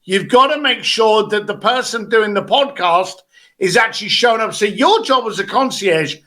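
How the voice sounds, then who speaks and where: Brief: high, bright-voiced male coach, blunt and animated, video call. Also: moderate pace. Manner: blunt, animated, acts out quotes. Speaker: business coach.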